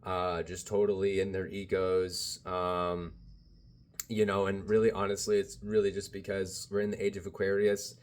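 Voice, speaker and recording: A man with a fairly low voice talks straight to camera in a loose, rambling vlog monologue. He keeps circling back with "you know" and "like" and sounds like he is chatting with a friend. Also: level tone, normal speed. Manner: rambling, many fillers like "you know" and "bro". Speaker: spiritual vlogger.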